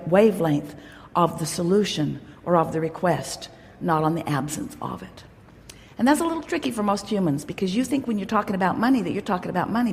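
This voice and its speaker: A woman's voice: fairly low pitch, a little mellow, slight background noise. A woman giving an emphatic, teacherly motivational talk to a live audience, speaking of herself as "we". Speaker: inspirational speaker at a live gathering. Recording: long hall reverb from a live event.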